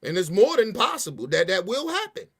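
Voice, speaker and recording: A man's voice: high-pitched, a little fast, breathy edge. A man hosting a podcast, ranting in heated, profane casual commentary. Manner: profane, animated, emphatic ranting. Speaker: podcast host.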